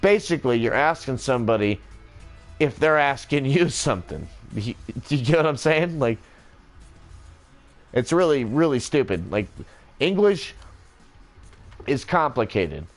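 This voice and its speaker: A man's voice: medium pitch, very animated, unhurried, long pauses, soft background music. A man in a rambling, joking casual monologue, swearing freely as he goes.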